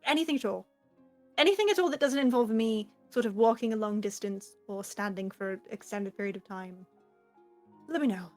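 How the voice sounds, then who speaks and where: A woman's voice: medium pitch, brisk, a little mellow, soft background music, natural voice. A woman voicing a frazzled, affectionate woman rambling on a phone call, in a tabletop role-play podcast. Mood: earnest. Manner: rambling, earnest.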